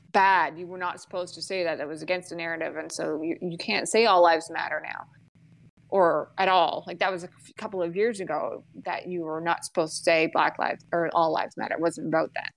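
A woman's voice: fairly low pitch, fairly even intonation, normal speed, vocal fry, low-quality recording. A woman talks in a loose, blunt podcast chat. She swears freely, laughs often, and keeps trailing off and starting her sentences over. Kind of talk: casual chat.

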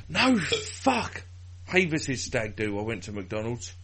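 A man co-hosting a casual podcast, joking deadpan and rambling through anecdotes. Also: medium pitch, slow, background noise. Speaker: podcast co-host.

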